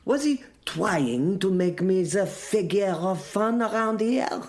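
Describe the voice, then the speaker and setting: Dry deadpan guy narrating a comic drama, takes his time, voice swoops up and down a lot. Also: high voice, takes it slowly, hardly any pauses. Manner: dry, deadpan, sardonic storytelling. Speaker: narrator and lead voice of an audio serial.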